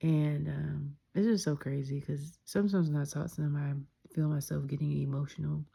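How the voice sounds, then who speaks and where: A young woman talking candidly in a reflective personal vlog, soft-spoken and sometimes dropping into a whisper. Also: low-pitched, steady tone, normal speed, creaky, husky. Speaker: vlogger.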